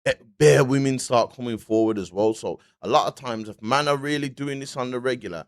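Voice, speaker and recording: A man's voice: medium pitch, a little fast, no room sound, studio quality. A man giving a casual commentary vlog, talking in slang, restarting his sentences and often asking "you get me". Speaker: online commentator.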